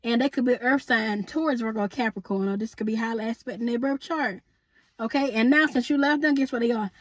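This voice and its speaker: A woman's voice: fairly high pitch, fairly quick, no echo. A woman giving a chatty, sassy tarot reading to her viewers, calling them honey and boo and laughing often. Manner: laughs often, asks spirit aloud. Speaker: tarot reader.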